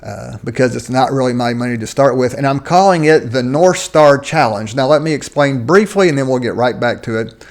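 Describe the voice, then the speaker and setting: A man giving a casual solo talk on faith and money, speaking conversationally with occasional restarts as he searches for words. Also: brisk. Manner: conversational, acts out quoted voices with rising pitch. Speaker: Christian finance teacher.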